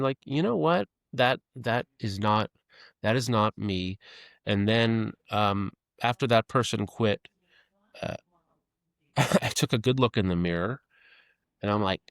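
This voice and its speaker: A middle-aged man speaking as a podcast guest, candid and self-deprecating, talking haltingly with many fillers and restarts. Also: lowish voice, smooth, dry recording, studio quality. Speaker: podcast guest, advertising creative leader. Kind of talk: candid conversational interview.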